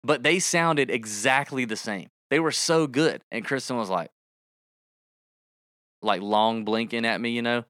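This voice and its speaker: Guy cohosting a podcast, really bright clean voice, dry close mic, goofy and animated. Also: mid-range voice, a little slow, dry recording. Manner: animated, breaks into rapping and song impressions. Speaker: podcast co-host. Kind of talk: casual podcast chat with ad read.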